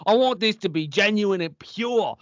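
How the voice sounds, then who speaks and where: A man putting on a self-absorbed male movie star with a Cockney accent, rambling and oblivious in a high voice. The sound is dry and a bit dull, like lo-fi podcast audio. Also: moderate pace, no echo. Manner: rambling, oblivious, deadpan boasting.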